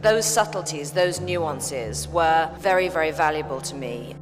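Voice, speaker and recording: A woman with a low voice talks through her approach to acting, thoughtful and increasingly eager. A long reverb trails her words, and music plays clearly behind her. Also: lively intonation, unhurried. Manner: thoughtful, growing more enthusiastic. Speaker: actress interviewed about her career. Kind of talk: casual interview.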